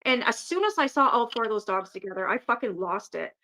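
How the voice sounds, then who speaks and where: A woman's voice: on the high side, big pitch swings, a little fast, pushed and bright, a little hiss or hum, poor audio. A woman hosting a casual livestream, talking bluntly and profanely and owning up to her mistakes. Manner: blunt, profane, self-critical. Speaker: livestream host.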